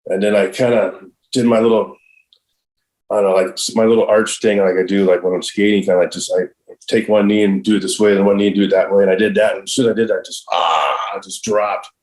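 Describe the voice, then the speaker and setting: Low-voiced middle-aged man, rambling and profane. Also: level tone, fast, a little mellow, rough recording. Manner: rambling and profane, heavy use of "like" and "I'm all". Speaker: podcast guest, professional skateboarder. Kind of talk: casual storytelling.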